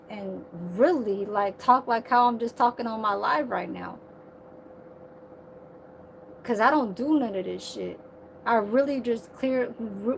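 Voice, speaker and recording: Woman, 30s, livestream vlogger; higher voice, heated and profane ranting, faint hiss behind. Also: vocal fry.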